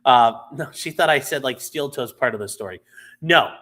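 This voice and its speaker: A man's voice: mid-range voice, normal speed, pushed and bright. A man hosting a live stream, casually explaining a legal case with many fillers and restarts.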